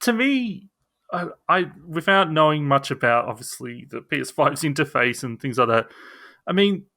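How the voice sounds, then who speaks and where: A man's voice: on the high side, lively intonation, moderate pace, sharp tone, dry recording, studio quality. A man co-hosting a podcast in casual chat, hedging with his opinions, often restarting and sometimes sarcastic. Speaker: podcast co-host.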